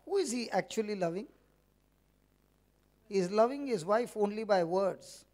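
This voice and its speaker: A man's voice: high-pitched, animated, moderate pace, a little mellow. A man preaching a conversational sermon to a church meeting, teasing the congregation with questions.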